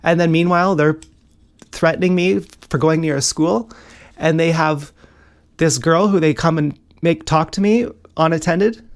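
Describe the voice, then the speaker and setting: A man's voice: a little high, a little slow. A young man talking in a rambling, agitated monologue, swearing often and jumping between worries. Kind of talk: casual monologue vlog.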